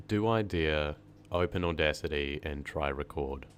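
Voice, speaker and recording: A man's voice: rumbling low, expressive, moderate pace, slight background noise. A man chatting casually on a live stream into his microphone, rambling and humming to himself. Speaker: horror story narrator and live streamer.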